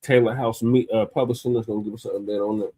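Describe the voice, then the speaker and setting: A man's voice: lowish voice, steady tone, fast, mellow, dry recording. A man hosting a casual podcast panel, steering the topics with short agreeing replies. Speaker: podcast host.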